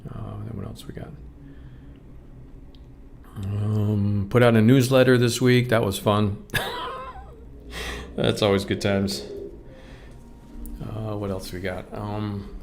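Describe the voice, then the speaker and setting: Upbeat gravelly man hosting a live stream. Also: lowish voice, wildly swooping pitch, slow pace, pauses often, darkish tone, a little hiss or hum. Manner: upbeat, reads viewer comments aloud. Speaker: livestream host. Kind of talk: casual live-stream chat, reading comments.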